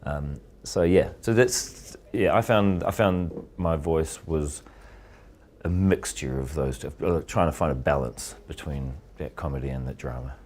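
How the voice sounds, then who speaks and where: Very deep-voiced man, rambling and relaxed. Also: unhurried, slight background noise. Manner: relaxed, rambling with frequent restarts. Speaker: filmmaker guest. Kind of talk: casual interview answers.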